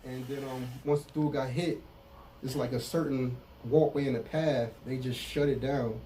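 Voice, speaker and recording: A man's voice: mid-range voice, fairly even intonation, moderate pace, mellow, far from the mic, slight background noise, rough recording. A middle-aged man speaking candidly as an interview guest in street slang, often saying "you know what I'm saying". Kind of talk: casual interview about prison time.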